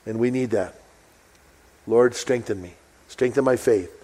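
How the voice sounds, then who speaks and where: A middle-aged man preaching a sermon in an easygoing, conversational way. When he reads scripture he slows down and stresses every phrase, then drops back into plain talk. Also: medium pitch, dark tone, husky. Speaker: pastor. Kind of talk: sermon reading and explaining a psalm.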